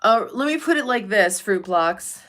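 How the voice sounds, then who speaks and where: A woman's voice: medium pitch, expressive, normal speed, fairly bright tone. Brief: woman livestream host, casual chat, blunt and profane, talks straight at viewers by name. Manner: blunt and profane, chatty, reads out viewer names.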